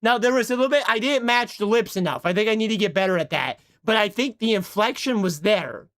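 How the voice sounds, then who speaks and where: A man's voice: high voice, animated, a little fast, a bit bright. Chatty, self-mocking male streamer. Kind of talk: casual livestream chat. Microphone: desk microphone.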